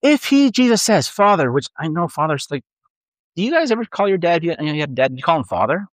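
A middle-aged man preaching a sermon in a conversational, animated way, acting out inner voices. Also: on the high side, quick pace, dry recording, studio quality. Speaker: pastor.

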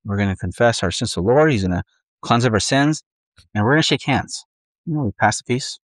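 A man preaching in an easygoing, conversational way, often slipping into acted-out inner voices and restarting phrases. His voice sits at an ordinary middle pitch. The sound is dry and close, with little room around it. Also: expressive, a little fast, no echo, poor audio. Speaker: pastor. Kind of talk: sermon.

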